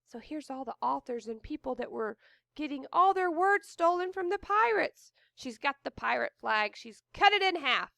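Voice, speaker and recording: A woman reading a picture book aloud with expressive gasps of wonder and chatty asides about the pictures. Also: high voice, moderate pace, gravelly, no room sound, studio quality. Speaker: storybook reader.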